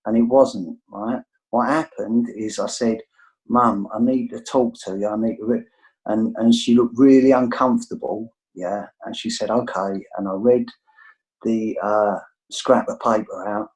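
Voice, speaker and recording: A man's voice: lowish voice, fairly even intonation, a little slow, a little mellow, poor audio. A man with an English accent sharing his recovery story on a video call, reflective and rambling, often ending his thoughts with a questioning "right?". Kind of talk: candid personal share on a video call.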